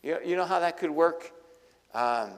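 A man preaching a sermon, retelling a story with lively acted-out voices. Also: on the high side, measured pace. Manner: animated storytelling, acting out voices. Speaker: pastor. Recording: long hall reverb.

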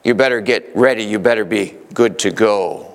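A man preaching a sermon emphatically, swinging from urgent exhortation to gentle reassurance. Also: fairly low pitch, normal speed, big-room sound. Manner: emphatic, shifting between urgent and soothing. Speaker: pastor.

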